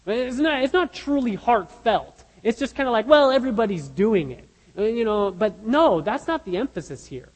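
High-voiced man preaching in a reverberant hall. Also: sing-song, moderate pace, hardly any pauses. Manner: earnest, emphatic preaching with rhetorical questions. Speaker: pastor. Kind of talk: sermon.

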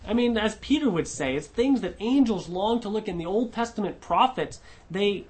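A man preaching a sermon verse by verse in a conversational way. He often checks in with a questioning "right?", restarts words and slows down to stress key phrases. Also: high voice, expressive, a little mellow. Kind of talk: expository sermon.

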